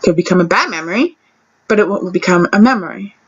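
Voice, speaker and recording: A young woman telling a personal story to camera in a chatty, animated vlog style with little laughs and asides. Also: fairly low pitch, fast, husky, muffled recording. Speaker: vlogger.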